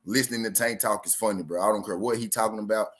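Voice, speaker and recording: Southern US male stream host, somewhat low voice, loose and profane, talks to chat. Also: fairly even intonation, quick pace, a bit bright. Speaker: boxing talk show host. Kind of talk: casual live-stream commentary.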